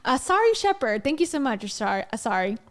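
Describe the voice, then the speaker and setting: A woman with a high voice hosts a reaction video. Her commentary is casual, blunt and openly mocking. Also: sing-song, a little fast. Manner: mocking, blunt, laughs between remarks.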